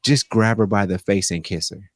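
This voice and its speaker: A man co-hosting a podcast in casual chat, rambling and animated with many restarts. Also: fairly low pitch, normal speed, dry recording, clean studio sound, soft background music. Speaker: podcast co-host.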